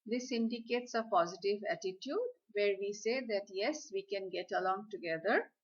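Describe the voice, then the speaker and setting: A woman giving a slide lecture on communication skills, speaking in a deliberate, instructive way. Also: medium pitch. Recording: slightly dull, lo-fi audio.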